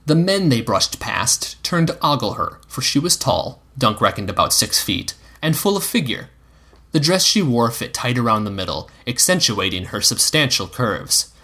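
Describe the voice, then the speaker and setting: Expressive, husky male story narrator. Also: medium pitch. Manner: expressive storytelling with voiced characters. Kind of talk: reading fan fiction aloud.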